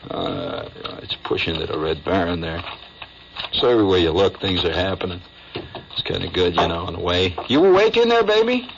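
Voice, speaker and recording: An American radio host with a low, creaky, expressive voice spins an improvised comic story at a moderate pace, rambling, conversational and wry, with plenty of asides. It sounds like a dull lo-fi 1970s AM radio aircheck, with a noisy background.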